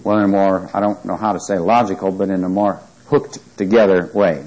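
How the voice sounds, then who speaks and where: A man's voice: low voice, fairly even intonation, brisk, darkish tone, rough recording. Man teaching a Bible study. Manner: asks the listeners questions often; reads scripture aloud with emphasis.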